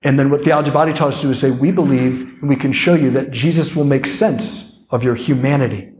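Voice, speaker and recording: A young adult man, a priest, giving an animated, conversational keynote with playful asides. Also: medium pitch, quick pace. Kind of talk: keynote talk.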